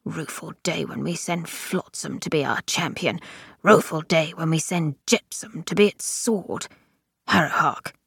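A croaking, gravelly old marshal, as a woman narrator puts him on, stern and solemn, scolding in an old-fashioned way. His voice sits a touch lower than her own and has a rough, crackly grain. It is dry and close, as in a storybook recording. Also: measured pace, a bit bright, dry recording, exaggerated voice. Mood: muttering. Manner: solemn, scolding, archaic speech.

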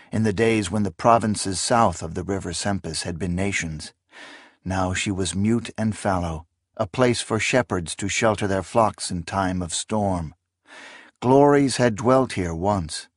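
A man reading fantasy narration aloud in a solemn, deliberate manner. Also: lowish voice, no room sound, clean studio sound. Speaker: audiobook narrator.

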